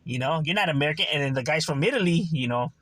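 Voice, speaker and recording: A man's voice: fairly high pitch, expressive, fast talker, fairly bright tone, no echo. A man talking casually to his channel, full of slang and "you know" fillers. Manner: streetwise slang, frequent "you know" and "right". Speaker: channel host. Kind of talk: casual monologue to camera.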